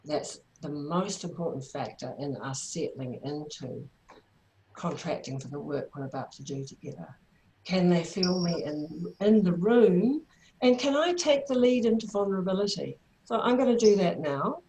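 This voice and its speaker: A woman with a New Zealand accent, a therapy trainer, calmly guiding listeners through a workshop over a video call. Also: lowish voice, moderate pace, background noise. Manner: calm, guiding, soothing. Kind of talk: online workshop presentation.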